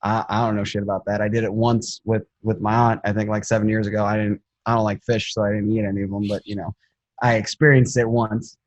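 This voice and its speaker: A man hosting a casual podcast chat, speaking haltingly as he searches for the right words. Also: on the low side, little pitch movement, no echo.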